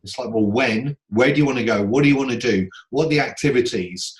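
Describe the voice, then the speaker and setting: This is a man with a mid-range voice who is hosting a songwriting Q&A. He talks earnestly and casually over a video call and keeps reaching for everyday examples to make his points clear. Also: medium pitch, poor audio. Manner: earnest, explains with everyday examples and quick laughs. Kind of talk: casual coaching talk.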